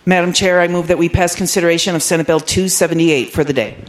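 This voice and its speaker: A man serving as majority leader, making formulaic floor motions in a brisk manner. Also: a little high, fairly even intonation, background noise.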